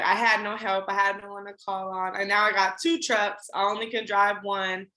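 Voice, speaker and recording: Bright-voiced woman telling her story. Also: medium pitch, roomy sound. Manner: animated storytelling, acts out her own past lines. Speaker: podcast guest. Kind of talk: casual interview chat.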